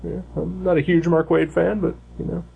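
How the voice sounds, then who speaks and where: A man's voice: on the high side, level tone, normal speed, vocal fry, phone-quality sound, a little hiss or hum. A man co-hosting a casual podcast chat, rambling with many fillers and restarts. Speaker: podcast co-host.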